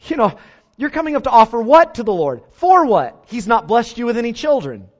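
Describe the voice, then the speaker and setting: A man's voice: very high-pitched, very animated, a little fast, in a large hall, voice pushed up, full character voice. A male preacher voicing a scornful rival wife who taunts another woman with sneering questions, on a dull lo-fi recording. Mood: mocking.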